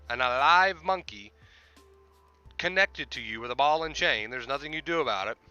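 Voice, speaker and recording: A man's voice: medium pitch, pushed and bright, clean tone, dull audio. A man hosting a livestream, explaining with repetition and emphasis in casual talk. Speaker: livestream host and life coach.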